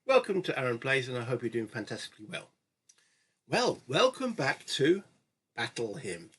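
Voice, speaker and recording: A man with a husky, slightly rough voice hosts his own channel and talks through a solo board game session. He chats in a rambling, easygoing way and corrects himself as he goes. He is recorded at home on a desk mic. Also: medium pitch, wildly swooping pitch, moderate pace, a bit bright. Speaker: host of a gaming channel. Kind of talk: casual solo board game let's-play commentary.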